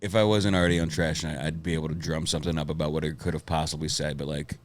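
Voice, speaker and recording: Very deep and fast-talking, with a flat delivery, this comedian guest rambles through profane anecdotes on a casual podcast. He swears and laughs a lot while telling them.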